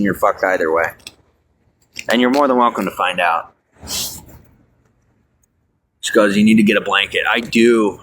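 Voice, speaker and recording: Man, angry, ranting, swearing, repetitive, bright forceful voice, outdoors at night. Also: lowish voice, a little hiss or hum. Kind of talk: angry monologue. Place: outdoors at night by a bus bench.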